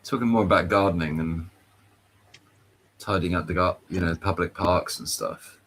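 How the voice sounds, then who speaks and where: A man with a low but fairly bright voice talks at normal speed over slight background noise. He's a participant in an open discussion on a live voice call, chatting in an easygoing, hesitant way with fillers, restarts, and a few stumbles.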